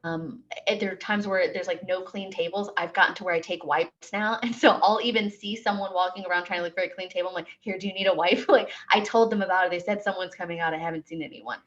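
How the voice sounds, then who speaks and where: A woman's voice: fairly low pitch, fairly even intonation, quick pace, few pauses, a bit bright. A woman hosting a podcast, chatting casually and often trailing off mid-thought before asking her guest questions. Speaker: podcast host. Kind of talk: casual interview chat. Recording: dull recording with faint noise.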